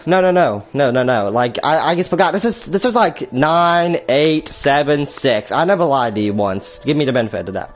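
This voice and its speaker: A teenage storytime vlogger tells a casual, crude story, rambling and often stopping to fix what he said. His fairly high voice is animated, at normal speed with few pauses. The lo-fi audio is slightly muffled, with faint music.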